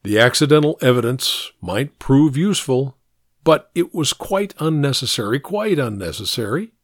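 A man narrating an audiobook in an expressive storytelling manner, recorded close to the mic. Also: medium pitch, moderate pace, no echo.

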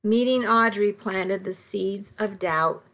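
Woman narrator for a first-person audiobook; slow, measured, quietly tense read. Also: mid-range voice.

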